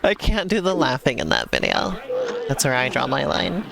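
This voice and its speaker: A woman's voice: extremely low pitch, wildly swooping pitch, moderate pace, gravelly. A woman guest bantering and laughing in a casual call.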